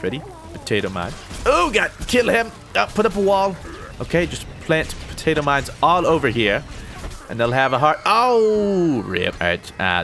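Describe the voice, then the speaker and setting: A young man giving casual, excitable, self-mocking commentary while playing a shooter game. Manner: excitable, self-mocking, pitch jumps on surprises. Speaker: gaming YouTuber.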